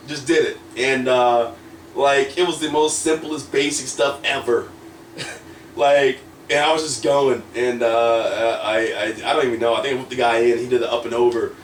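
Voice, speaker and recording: A man's voice: medium pitch, fairly quick. Rambling man in an echoey room. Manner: rambling, full of fillers, acts out quotes. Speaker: wrestler guest. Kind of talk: casual storytelling interview. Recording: roomy echo, distant from mic, faint noise.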